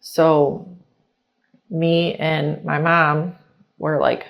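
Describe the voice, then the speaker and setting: A young adult woman sharing her personal story in casual talk, chatty and animated, full of fillers as she retells scenes. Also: sits low, unhurried. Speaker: interviewee.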